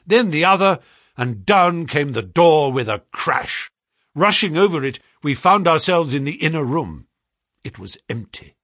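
Man reading classic fiction aloud, animated pitch, slightly husky, dry close sound. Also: dry recording. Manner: dramatic, building tension. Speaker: audiobook narrator. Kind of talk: scripted narration.

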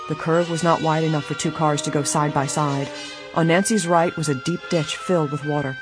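An audiobook narrator reading a mystery novel at a steady, even pace. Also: mid-range voice.

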